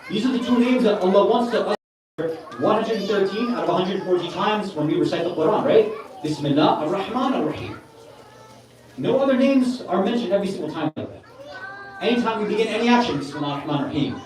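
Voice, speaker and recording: A man's voice: high voice, animated, a little fast, crowd noise, noisy background. A man giving an earnest, conversational sermon at a religious gathering, mixing in Arabic religious terms. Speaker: speaker at a Muharram gathering. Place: large hall with a gathering. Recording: echoey hall, from far off.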